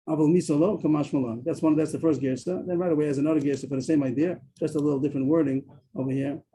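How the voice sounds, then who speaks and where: A man leads a Talmud study class on a video call. He explains at a rapid clip in a dark, mellow voice, often stopping to restart his sentences. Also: fairly high pitch, poor audio. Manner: explains quickly, with frequent restarts.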